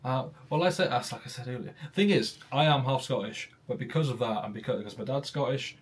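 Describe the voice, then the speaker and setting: A man's voice: medium pitch, fairly quick, breathy edge. A young man in his twenties hosting a casual podcast chat, rambling with many restarts.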